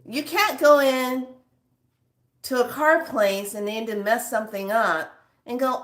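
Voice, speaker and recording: A woman's voice: fairly high pitch, a little slow. A woman vlogger chatting casually with her viewers, laughing often and swearing for emphasis. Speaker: spiritual vlogger.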